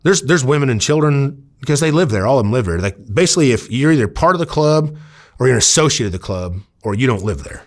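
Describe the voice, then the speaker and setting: A man's voice: mid-range voice, lively intonation, fast. Rambling storyteller man from Iowa. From Iowa, USA. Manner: loose and rambling, many fillers, acts out quoted dialogue. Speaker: former undercover officer, interview guest. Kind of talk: casual storytelling in an interview.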